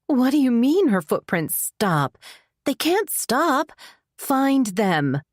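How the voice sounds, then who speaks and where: A woman voicing a frantic middle-aged mother who grows shrill with worry. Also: moderate pace, a little mellow, no echo, studio quality, close to an everyday voice. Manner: high, strained and shrill.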